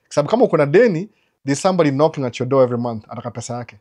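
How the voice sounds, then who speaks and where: A man hosting a live Q&A stream gives casual advice in a rapid-fire, medium-pitched voice. He lectures animatedly, poses rhetorical questions, and switches between English and Swahili mid-sentence.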